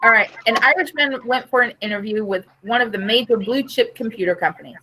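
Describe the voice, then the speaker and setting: A woman's voice: a little high, a little fast, pushed and bright, low-quality recording. A woman reading jokes aloud to friends on a group call. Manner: reads jokes with quoted voices. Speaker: joke teller on a group call.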